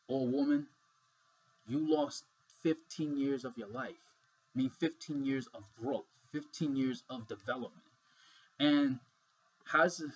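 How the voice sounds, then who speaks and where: A man's voice: mid-range voice, dull audio. A man talking frankly in a casual monologue vlog, rambling and swearing freely as he goes.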